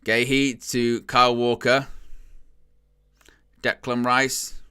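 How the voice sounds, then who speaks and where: Bright-voiced man commentating a match. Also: medium pitch, slow pace, clear, resonant tone. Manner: chatty, wry, bursts into loud excitement at chances. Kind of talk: casual live match commentary.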